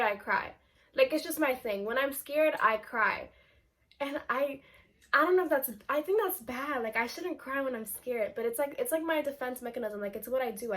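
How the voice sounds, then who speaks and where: Chatty young woman with a bright, high voice. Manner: chatty, animated, filler-heavy with lots of "like". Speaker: vlogger. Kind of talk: casual storytime chat.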